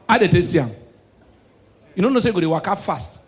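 A Nigerian man performs stand-up comedy in a noticeably high voice. He moves between low, confiding asides and loud, shouted punchlines. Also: fast, pauses often.

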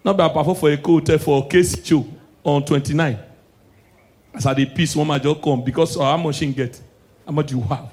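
A male stand-up comedian with a Nigerian Pidgin accent works the crowd in a high-pitched voice. He drops into low, preachy asides, then bursts into loud, shouted punchlines. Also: steady tone, brisk.

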